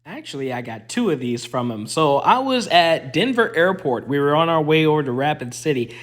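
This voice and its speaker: A young man, an Air Force veteran, casually telling a story in a playful, animated way. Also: moderate pace. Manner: animated, playful, pitch jumps up for quoted voices.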